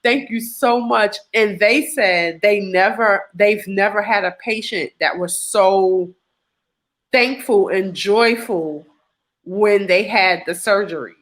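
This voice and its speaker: A woman giving an emotional personal testimony, animated and acting out what others said to her. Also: medium pitch, takes it slowly. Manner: animated storyteller acting out quoted dialogue. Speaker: testimony guest.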